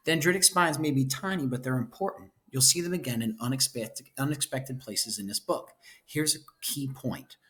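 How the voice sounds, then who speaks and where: A male teacher talks his class through a textbook chapter in a relaxed, conversational way. He drops playful asides and checks in with his listeners after almost every point. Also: medium pitch, normal speed, hardly any pauses. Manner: chatty, checks in constantly with "right?" and "okay?"; playful asides, enthusiastic about cute pictures. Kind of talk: casual lecture walking through a book chapter.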